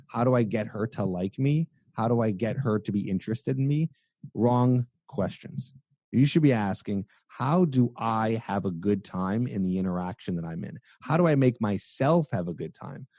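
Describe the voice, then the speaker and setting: A young adult man with a low, mellow voice coaches listeners on dating in an energetic podcast interview. He explains point by point, now and then acting out examples. The sound is dry and close to the mic. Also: no room sound. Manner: energetic, acts out examples in a high goofy voice.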